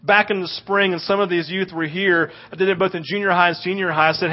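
A man preaching a sermon as a pastor, telling stories in an animated way and often asking "right?". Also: high voice, fast, highs cut off. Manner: animated storytelling with frequent "right?".

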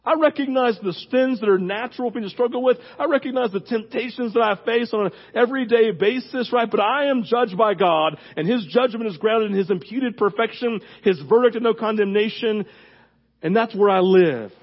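A man preaching a conversational sermon as pastor, animated and casual, full of fillers, his voice leaping up when he gets fired up. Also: high-pitched, fairly quick, breathy edge, muffled recording.

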